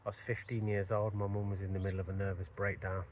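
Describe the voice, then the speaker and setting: A man's voice: deep voice, level tone, fast talker, slight background noise. A man earnestly telling a personal story in a reflective way. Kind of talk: personal story told to camera.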